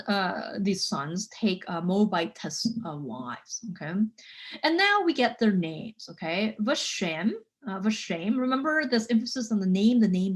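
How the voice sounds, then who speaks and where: A woman lecturing on biblical Hebrew in a chatty way, full of fillers and frequent "okay?" checks, slowing down to sound out words. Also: medium pitch. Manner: spells out Hebrew words slowly.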